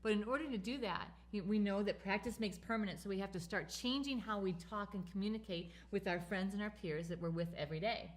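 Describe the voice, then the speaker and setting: A woman's voice: medium pitch, fast talker, few pauses. A woman co-hosting a talk show, telling stories and affirming her partner. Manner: storytelling, warm affirming fillers. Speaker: co-host. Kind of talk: casual co-hosted talk.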